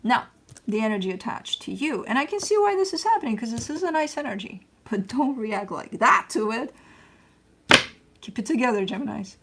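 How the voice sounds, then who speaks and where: A woman hosting her own channel gives a casual spoken tarot reading, loose and chatty, using slang and the odd curse and repeating herself as she coaches and reassures. Her voice is on the high side, expressive and fairly quick, with a little hiss or hum.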